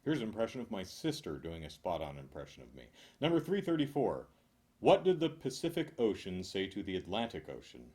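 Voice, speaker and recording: A man reading a list of corny jokes aloud in a deadpan way, chuckling now and then and making dry asides. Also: low voice, brisk. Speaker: joke reader.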